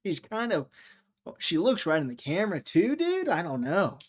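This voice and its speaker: A man's voice: high-pitched, wildly swooping pitch, measured pace, slightly rough. A man hosting a casual livestream, rambling and joking as he answers viewers' chat comments. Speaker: livestream host.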